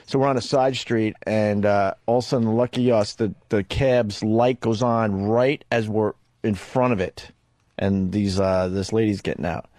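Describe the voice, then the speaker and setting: A man's voice: lowish voice, fairly even intonation, moderate pace, darkish tone, no room sound. A man hosting a radio talk show in a studio, telling a rambling, profane story into a studio microphone.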